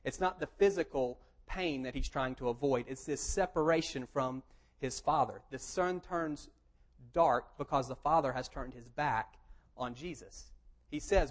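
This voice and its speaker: A man's voice: medium pitch, normal speed, low-quality recording. A man preaching a sermon, reading scripture aloud and then explaining it in a plain, conversational tone. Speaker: pastor.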